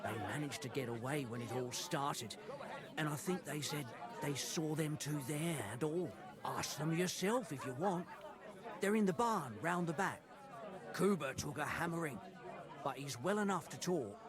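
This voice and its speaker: A man's voice: fairly high pitch, expressive, normal speed, a crowd in the background, natural voice. A man playing a chatty, folksy innkeeper passing on grim news in a game. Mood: gossipy. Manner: chatty, colloquial folksy speech. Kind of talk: game dialogue.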